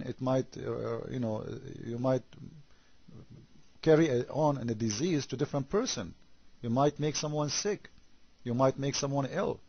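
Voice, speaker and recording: Husky-voiced man, sarcastic commentary. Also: mid-range voice, dry recording, highs cut off. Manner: sarcastic, rhetorical questions, halting repetitions. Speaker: religion critic commentator. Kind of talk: critical commentary monologue.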